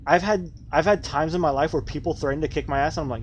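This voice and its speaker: A fast-talking man with a fairly high voice streams gameplay and chats casually with viewers. His commentary to chat rambles and is full of profanity.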